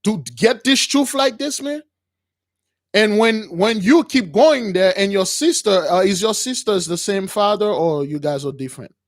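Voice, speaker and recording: Male call-in host with a high voice and a dry, close sound. Emphatic, repetitive preaching style. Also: lively intonation, normal speed, no echo. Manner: emphatic, repetitive, keeps addressing listeners as brothers. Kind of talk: preaching to callers.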